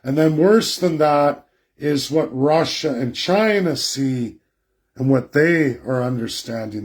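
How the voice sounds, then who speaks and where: A man's voice: fairly high pitch, expressive, takes it slowly. A man giving a slide presentation, blunt and combative, often repeating his points for emphasis.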